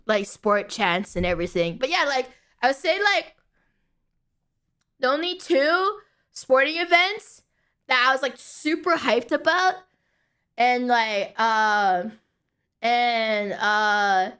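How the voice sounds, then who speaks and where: A woman's voice: on the high side, lively intonation, slow, pauses often, sharp tone, clear, resonant tone. A young woman streaming from home, chatting casually and rambling, with playful chanting and casual swearing. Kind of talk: casual late-night stream chat.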